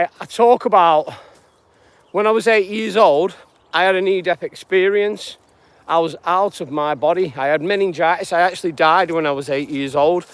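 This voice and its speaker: A man talks on a morning live stream while walking through open fields. His voice sits a bit high for a man and sounds dry and close to the phone. He drifts easily between greeting viewers and spiritual musings. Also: smooth, no room sound. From northwest England. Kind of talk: rambling live walk-and-talk.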